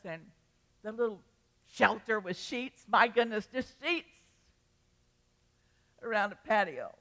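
Older lady pastor preaching, kinda high voice, rambly story with big emotional bursts. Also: a bit bright. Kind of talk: sermon.

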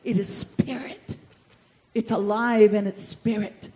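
A woman pastor preaching a fervent sermon, drawing answers from the congregation and rising to shouts. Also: medium pitch, steady tone, slow pace. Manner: call-and-response with congregation.

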